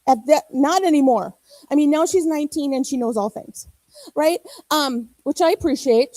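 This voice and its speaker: High-voiced woman preaching a lively sermon. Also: dry recording, rough recording. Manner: animated storytelling, acting out quoted voices. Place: church.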